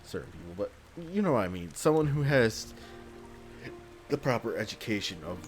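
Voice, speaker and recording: A man's voice: fairly low pitch, very animated, moderate pace, music in the background. Exasperated, swearing male game streamer. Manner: exasperated, swears often, rambling. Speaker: let's play host. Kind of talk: gameplay commentary, ranting.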